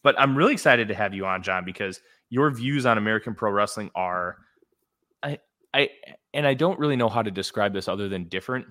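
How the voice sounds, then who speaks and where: A man's voice: lowish voice, fairly quick, a bit bright. A man hosting a podcast interview, talking casually with frequent fillers and restarts. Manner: conversational, hesitant with fillers. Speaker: podcast host.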